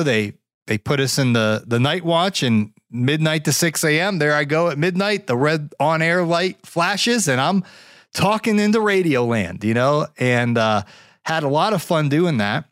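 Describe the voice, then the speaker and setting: A man's voice: fairly high pitch, moderate pace, fairly bright tone, dry recording, studio quality. A man hosting a podcast, telling a story in a casual, reflective way, full of fillers and restarts. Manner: reflective, grateful. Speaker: podcast host.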